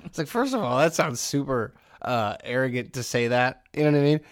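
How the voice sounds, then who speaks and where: A man's voice: mid-range voice, expressive, brisk. A man co-hosting a podcast in casual chat, joking and riffing with absurd comparisons. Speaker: podcast co-host.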